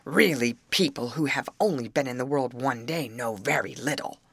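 A woman putting on a hoarse old yard dog. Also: extremely low pitch, moderate pace, a bit bright, dry recording, voice pushed down, heavily acted. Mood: gruff. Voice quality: hoarse, barking. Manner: grumbly, wise-sounding storyteller.

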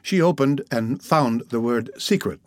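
A man narrating a classic novel as an audiobook, reading in a measured, even way. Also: mid-range voice, no echo.

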